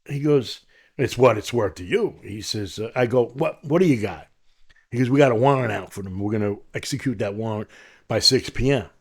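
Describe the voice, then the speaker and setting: A man's voice: medium pitch, a little fast. A middle-aged man from Long Island with a New York accent, telling his story as a podcast guest and acting out the voices of the people in it. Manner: animated, acts out quoted voices in his story. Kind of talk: storytelling in an interview.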